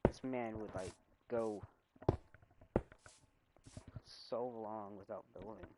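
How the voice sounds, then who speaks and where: A young man streaming casually, rambling with many fillers, his volume swinging loud and soft. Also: lowish voice, fairly even intonation, slow pace, very noisy. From United States. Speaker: railfan streamer. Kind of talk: casual gameplay stream chat. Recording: loud music behind.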